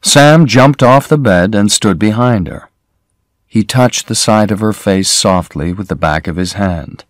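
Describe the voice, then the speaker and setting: Slow, deliberate male story narrator. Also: on the low side, no room sound, clean studio sound. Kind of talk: slow graded-reader narration for learners.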